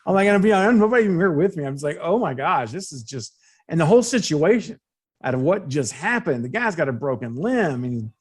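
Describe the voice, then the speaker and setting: Guy guesting on a podcast, bit high voice, tells stories all animated and slow. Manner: animated, drawn-out storytelling. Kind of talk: casual podcast film discussion.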